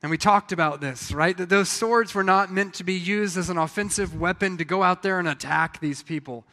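A man preaching a sermon, telling the story in a lively way and acting out the voices of the people in it. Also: high voice, a little fast, in a large hall. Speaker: pastor.

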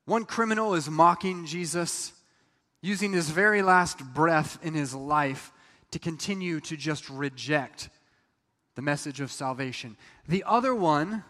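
In a reverberant hall, a pastor with a high-pitched, fairly bright voice preaches conversationally to the congregation. He acts out quoted lines as asides during the sermon.

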